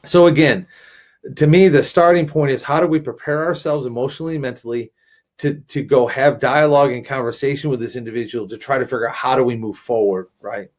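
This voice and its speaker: A man's voice: mid-range voice, steady tone, a little fast, muffled recording. A man presenting a workplace training webinar in a conversational way, often checking in with "right?" and adding sarcastic asides.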